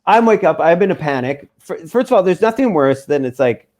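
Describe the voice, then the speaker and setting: A man talking in a casual interview, spinning a story with lots of energy and switching voices to act out what other people said. His voice sits a bit higher than most men's, and he drops a swear word here and there. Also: a little fast. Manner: animated, acts out quotes, swears freely. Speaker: musician guest.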